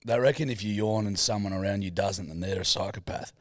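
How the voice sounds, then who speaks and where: A man's voice: on the low side, fast talker, no room sound, clean studio sound. A man co-hosting a podcast, bantering in casual chat with crude swearing. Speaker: podcast co-host.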